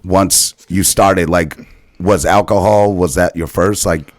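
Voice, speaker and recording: A man with a very low voice co-hosts a podcast and talks in an easy, chatty way. He keeps backing up and affirming his guest. The sound is dry and close to the mic. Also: fairly even intonation, slow, no room sound. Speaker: podcast co-host. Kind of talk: casual conversation.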